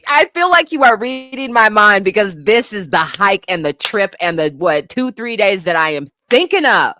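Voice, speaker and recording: A woman co-hosting a podcast, ranting in a profane, animated way and laughing often. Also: mid-range voice, moderate pace, dry recording. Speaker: podcast co-host. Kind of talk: casual comedic commentary.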